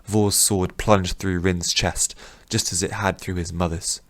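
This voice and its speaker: Deep-voiced male audiobook narrator. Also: little pitch movement, a little slow, a bit bright, no echo. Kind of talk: scripted fantasy narration.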